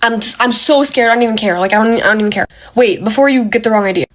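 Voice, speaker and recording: A woman's voice: on the high side, rapid-fire, a little hiss or hum. A young woman casually telling a dramatic, slangy ghost story to her phone, gasping and exaggerating as she goes. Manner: animated, dramatic retelling with gasps and slang.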